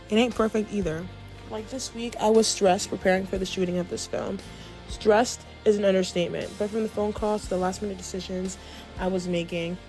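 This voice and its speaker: A woman's voice: medium pitch, a little mellow. Woman, casual vlog talk, emotional, faint music behind, roomy echo. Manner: chatty and emotional, addresses viewers as y'all. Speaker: vlogger. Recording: echoey room with faint music.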